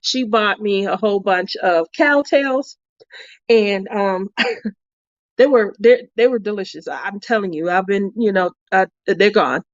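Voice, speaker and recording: A woman's voice: mid-range voice, unhurried, no echo. Giggly, chatty woman on a dull recording. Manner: chatty, laughs often. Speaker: craft channel host. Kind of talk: casual chat.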